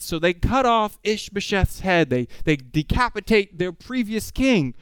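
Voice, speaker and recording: A male preacher delivering an expository sermon in an animated, conversational way, full of rhetorical questions. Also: sits high, a little slow, few pauses, clean tone, dry recording.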